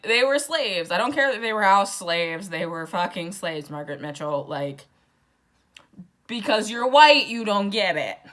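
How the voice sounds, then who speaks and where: A woman's voice: medium pitch, fairly bright tone. A drunk young woman rambling through a casual, profane book summary with sarcastic asides. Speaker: book vlogger.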